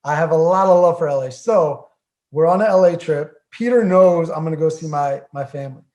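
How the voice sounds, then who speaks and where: Slightly high-voiced man, lively storyteller. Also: a little fast, lo-fi sound. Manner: lively storytelling, laughs often, drops to quiet asides. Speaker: podcast guest. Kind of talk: casual chat.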